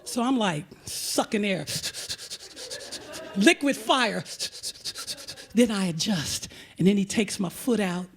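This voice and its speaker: A woman hosting and telling a comic personal story live on stage at a museum auditorium, animated and full of breathless asides. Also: medium pitch, slow pace. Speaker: storyteller and host.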